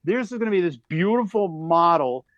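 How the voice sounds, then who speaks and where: Animated, higher-voiced comedian man in his fifties. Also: normal speed, no echo, lo-fi sound. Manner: lively, exaggerated, laughing at his own story. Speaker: comedian guest. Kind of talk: animated storytelling.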